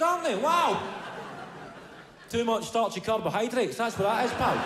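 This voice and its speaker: A Scottish man in his thirties doing stand-up comedy, telling an animated, profane story. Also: high voice, background noise.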